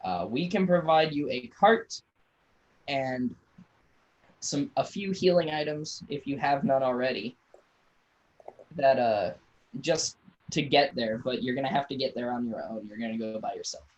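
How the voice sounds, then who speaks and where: A man's voice: mid-range voice, unhurried, long pauses, highs cut off, lightly acted. A man voicing a weary, brusque woman official in a tabletop game, dry and curt. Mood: businesslike.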